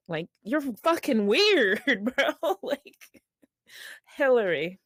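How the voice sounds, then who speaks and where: A woman's voice: a little high, very animated, slow, a bit bright, no echo, clean studio sound. A young woman co-hosting a podcast, chatting casually in a blunt, sarcastic way and laughing often. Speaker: podcast co-host. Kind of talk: casual gossip chat.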